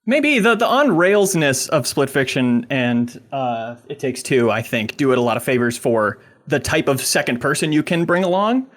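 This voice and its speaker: A man's voice: mid-range voice, animated, normal speed, few pauses, fairly bright tone. A man on a casual games podcast panel, talking in an easygoing, thinking-aloud way. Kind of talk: casual roundtable chat.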